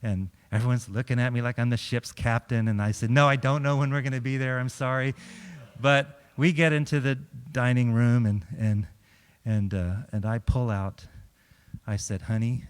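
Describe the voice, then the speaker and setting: A man's voice: mid-range voice, moderate pace, smooth. A middle-aged man, a chaplain, telling humorous stories to a congregation, acting out quotes and laughing often. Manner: lively storyteller, acts out quotes and laughs often. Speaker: chaplain speaking at a church. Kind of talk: humorous storytelling talk to a congregation. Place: large church hall. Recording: long hall reverb.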